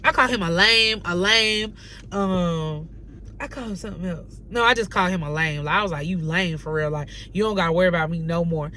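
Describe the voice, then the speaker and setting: A woman's voice: fairly low pitch, brisk, slight background noise. Young woman telling a storytime vlog. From North Carolina. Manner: animated, slangy retelling with quoted dialogue. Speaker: vlogger. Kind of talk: casual storytime.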